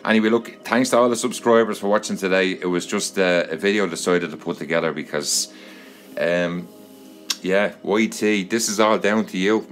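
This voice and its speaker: A man's voice: low voice, steady tone, normal speed, faint music behind. An Irish man vlogging to his subscribers in a rambling, repetitive monologue. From Ireland.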